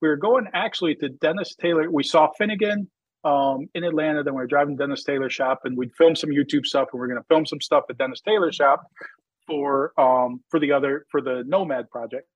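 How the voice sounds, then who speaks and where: Husky, rambling man telling a story. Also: fairly high pitch, fairly quick, no echo, lo-fi sound. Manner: rambling, filler-heavy, animated when quoting himself. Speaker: drag racer and magazine founder. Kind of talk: casual interview storytelling.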